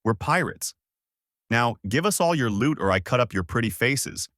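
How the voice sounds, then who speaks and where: A man's voice: mid-range voice, expressive, normal speed, a bit bright, no echo, clean studio sound, lightly acted. Man doing a sneering thug pirate. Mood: menacing. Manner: mocking, threatening. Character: sneering threatening adult male pirates.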